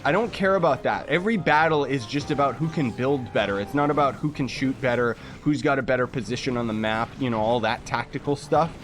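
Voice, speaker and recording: A man's voice: mid-range voice, brisk, hardly any pauses, soft background music. A young man from Canada chatting casually while livestreaming a game, reading chat messages aloud and making jokey asides. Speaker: livestreaming gamer.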